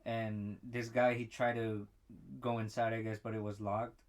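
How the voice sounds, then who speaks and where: A young man with a lowish voice, level tone and moderate pace holds the floor as co-host of a casual podcast. He swears freely, trails off and restarts, and acts out every line of dialogue in his story.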